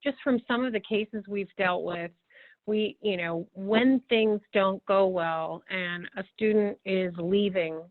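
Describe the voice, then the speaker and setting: A woman's voice: mid-range voice, slow pace, no echo. A woman co-presenting on a call, chiming in hesitantly with fillers. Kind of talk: webinar panel remarks. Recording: dry tinny phone-like line.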